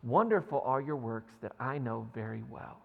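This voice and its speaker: A man's voice: medium pitch, expressive, moderate pace, gravelly, in a large hall, narrow, tinny audio. A man preaching a sermon in a conversational way, often checking in with his listeners and reading scripture aloud. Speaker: pastor. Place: church sanctuary.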